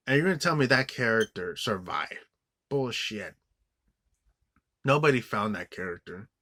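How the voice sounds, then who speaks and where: A man's voice: mid-range voice, very animated, measured pace, long pauses, pushed and bright, dry recording. A man giving an angry, profane movie review rant, rambling with many restarts and fillers. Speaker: film reviewer.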